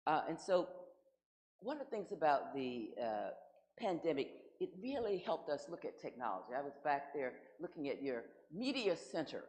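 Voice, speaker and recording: A woman's voice: deep voice, sing-song, normal speed, a little mellow, rough recording. A woman guest minister giving a conversational sermon, posing rhetorical questions to her congregation.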